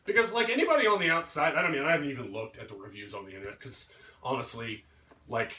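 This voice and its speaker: A man's voice: medium pitch, fast talker, bright, forceful tone. A man giving an angry, swearing rant about a movie, mocking characters in put-on voices. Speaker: vlogger. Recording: roomy echo, mic at a distance.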